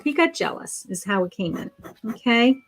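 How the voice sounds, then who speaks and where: A woman psychic reading tarot for viewers on a live stream, her voice sitting a little high. She talks in a friendly, affectionate ramble, pausing on ums and restarting sentences as she turns cards. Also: very animated, soft background music. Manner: chatty, affectionate, calls viewers sweetheart and honey; thinks aloud with many ums and restarts.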